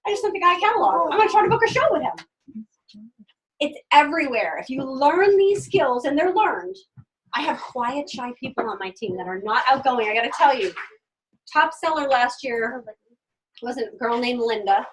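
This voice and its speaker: A woman with a high voice coaches a group on selling, bursting into little acted-out conversations and hammering home words by repeating them. She is picked up from some distance, so the sound is thin and far off. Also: normal speed. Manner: energetic, acts out customer dialogues; repeats phrases for emphasis. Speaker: direct sales trainer. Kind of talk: sales training talk. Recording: voice from a distant mic.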